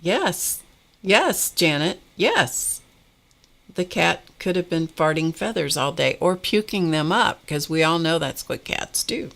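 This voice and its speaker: A woman's voice: sits low, normal speed, gravelly, few pauses, fairly bright tone. A woman hosting a live painting class, telling rambling stories as she paints and greeting chat viewers by name. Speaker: art instructor hosting a live painting stream. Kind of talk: casual live-stream chat while painting.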